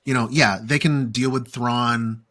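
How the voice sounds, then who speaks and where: Chatty laughing podcast dad. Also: male voice, mid-range voice, unhurried. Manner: animated, laughs often, trails off in fillers. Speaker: podcast co-host. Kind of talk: casual chat.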